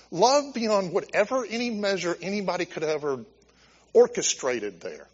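A male pastor delivers an impassioned, conversational sermon, his fairly high voice rising and falling widely. The recording is dull and lo-fi, with a long reverb trailing through the church hall. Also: very animated, moderate pace. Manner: impassioned, conversational preaching with restarts.

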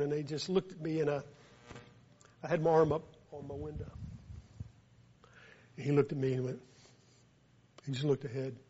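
A man with a Southern US accent, preaching a sermon that turns into a lively story, speaking quietly at times and loudly at others. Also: on the high side. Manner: animated, builds from quiet to loud when telling a story. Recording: dull lo-fi recording.

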